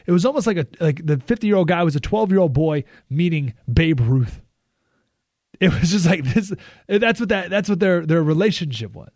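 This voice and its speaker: An American man hosting a talk radio show, delivering a lively monologue with sudden loud and hushed emphasis. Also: sits high, moderate pace, no echo, studio quality. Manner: animated, swings between loud and hushed emphasis.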